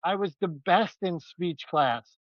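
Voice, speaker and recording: A man's voice: high voice, slow, dry recording, muffled recording. A man co-hosting a podcast, joking around in a playful, self-mocking way. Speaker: podcast co-host. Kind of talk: casual podcast banter.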